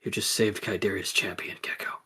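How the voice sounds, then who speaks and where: A woman voicing a calm townsman who takes charge and reassures a stranger. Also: rumbling low, fairly quick, slightly rough, voice pushed down, full character voice. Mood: urgent.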